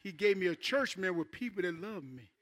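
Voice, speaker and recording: A man preaching a sermon in church as pastor, animated and conversational, checking in with the congregation and dropping to a hush for asides. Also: high-pitched, a little fast, heavy background noise.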